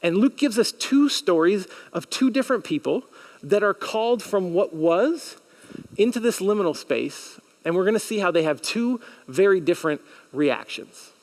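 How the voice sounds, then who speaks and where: A man's voice: high-pitched, moderate pace. A man preaching a sermon as pastor, talking in a conversational, earnest way and acting out the questions his listeners might ask. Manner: animated, with audience call-and-response. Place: church sanctuary.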